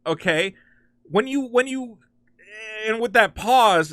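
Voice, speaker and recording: A man hosts a comic-book commentary, ranting with incredulous, sarcastic exasperation. His voice swoops widely and has a bright, forceful edge. It is recorded dry and close, with no room sound. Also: very high voice, expressive, moderate pace, no echo. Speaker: host.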